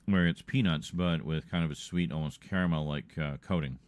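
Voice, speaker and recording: A man's voice: rumbling low, normal speed. A man hosting a livestream in loose, rambling casual chat, often breaking into laughter. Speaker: livestream host.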